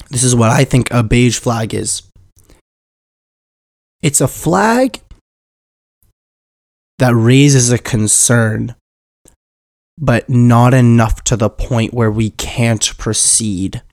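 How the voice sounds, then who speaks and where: A man's voice: medium pitch, darkish tone, dry recording. Man, stuffy cold voice, casual solo podcast, rambling, self-mocking, dry close sound. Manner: rambling, self-mocking, stumbles over words. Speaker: podcast host.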